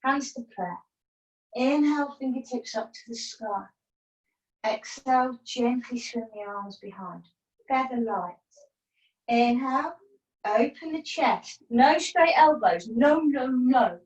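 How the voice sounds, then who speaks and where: A woman teaching a yoga class from home over a video call, giving calm breath cues with playful asides. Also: high-pitched, takes it slowly, muffled recording. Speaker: yoga instructor. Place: at home, partner downstairs. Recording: roomy, distant from the mic.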